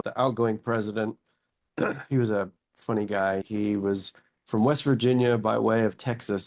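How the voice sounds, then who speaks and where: Man, 40s, CEO guest, deep voice, gravelly edge, casual anecdotal interview talk. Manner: lively anecdotes, acts out his own thoughts in quotes.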